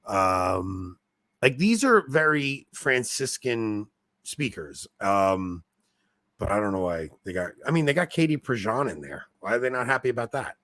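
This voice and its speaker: A man hosting a podcast in casual chat, animated, laughing at himself and restarting his sentences. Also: lowish voice, unhurried, no echo. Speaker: podcast host.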